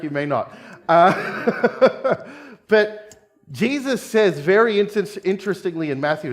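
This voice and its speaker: Aussie pastor guy preaching, high-ish voice, chatty, keeps asking the room questions. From Australia. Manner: conversational, asks the congregation questions; jokey asides with quick laughs. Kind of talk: sermon.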